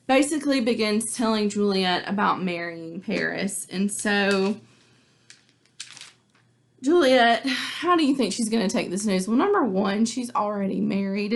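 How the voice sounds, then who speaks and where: A woman teacher gives her class a casual recap of a play, chatty and informal and packed with likes and ums. Her voice is mid-range and creaky.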